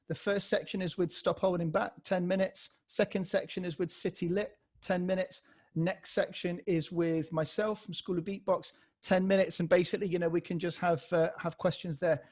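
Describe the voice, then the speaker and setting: Man, slightly high voice, upbeat beatbox teacher on a video call demoing scratch sounds. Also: normal speed. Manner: energetic, demonstrates vocal scratch sounds. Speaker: beatbox workshop leader. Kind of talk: live online workshop teaching.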